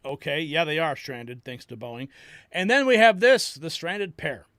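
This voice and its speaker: Bright, emphatic male news commentator. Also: a little high, measured pace, dry recording, studio quality. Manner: emphatic, excitable commentary reacting to clips.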